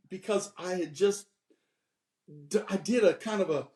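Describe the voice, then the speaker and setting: An animated man in his fifties talks as a podcast guest in a fairly high voice. He tells candid stories, laughs at himself, then turns preachy with advice. The room rings with a noticeable echo. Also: a little slow. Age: 50s.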